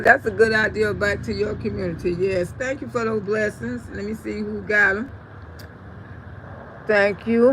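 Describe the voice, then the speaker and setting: A woman's voice: mid-range voice, a little hiss or hum, rough recording. A woman hosting a casual livestream outdoors, reading viewer comments aloud and calling people sugar and baby, laughing often. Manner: warm endearments, laughs often, animated. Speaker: livestream host. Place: outdoors under a tree.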